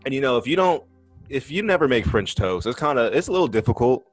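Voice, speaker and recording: A man's voice: medium pitch, big pitch swings, fast talker, dry recording, soft background music. A man co-hosting a casual podcast, telling stories bluntly with plenty of swearing and laughter. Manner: blunt and profane, laughs through his stories. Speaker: podcast co-host. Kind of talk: casual storytelling chat.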